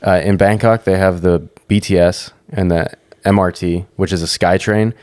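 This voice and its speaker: A man's voice: low voice, steady tone, normal speed, a little mellow, no room sound. A young man chatting casually on a podcast, rambling and swearing freely as he tells stories. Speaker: podcast co-host.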